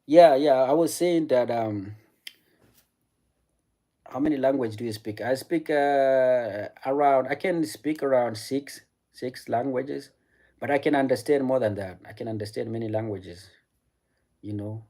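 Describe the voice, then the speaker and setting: A man's voice: medium pitch, measured pace, warm tone. A man whose first language is French, chatting casually with his live-stream audience, often repeating words and restarting sentences. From French-speaking African country. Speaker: streamer answering chat.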